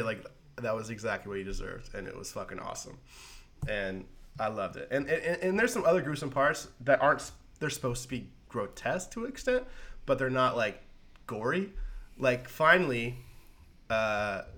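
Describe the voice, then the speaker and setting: A man co-hosting a casual podcast, excitedly retelling a comic plot in a rambling, profane way full of "like". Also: medium pitch. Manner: rambling, profane, heavy use of "like". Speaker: podcast co-host.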